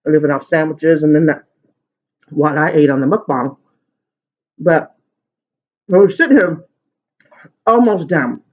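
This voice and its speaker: A man's voice: a little high, unhurried, pauses often. A man casually chatting at home while eating on camera, telling a long rambling story. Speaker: mukbang vlogger. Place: at home at the dinner table. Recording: muffled lo-fi sound.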